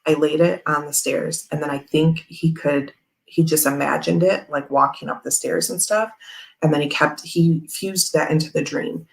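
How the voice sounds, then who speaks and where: A young woman with a lowish voice and a gravelly, fry-laden edge talks casually to her livestream viewers. She rambles through a personal story, circling back with plenty of fillers. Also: fairly even intonation, moderate pace, poor audio. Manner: rambling and chatty, with many fillers. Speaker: tarot channel host.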